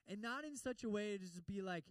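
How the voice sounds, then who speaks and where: A male pastor giving a lively sermon, acting out prayers in other voices and slipping in humor. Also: high-pitched, fairly quick, no echo, far from the mic, low-quality recording.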